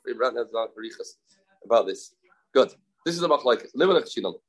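A man teaching a Talmud lesson, halting and repeating phrases, mixing English with Hebrew and Aramaic terms. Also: medium pitch, expressive, breathy edge, low-quality recording. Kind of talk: Talmud study class.

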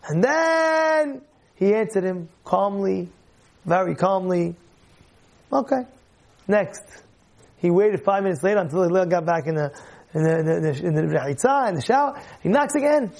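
A man teaching a Torah lesson in a lively way, questioning his listeners and acting out stories. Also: sits high, moderate pace. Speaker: religious teacher.

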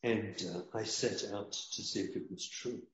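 Earnest low-voiced rabbi, roomy dull sound. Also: male voice, steady tone, a little slow, a bit bright. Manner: earnest, preaching, repeats key lines. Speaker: rabbi and parenting guest. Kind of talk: emotional interview talk.

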